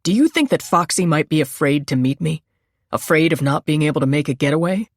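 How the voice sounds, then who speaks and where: A woman narrator voicing an anguished father who speaks flatly, holding himself in tight control. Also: on the high side, fairly quick, no room sound, studio quality. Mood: anxious. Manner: flat, tense.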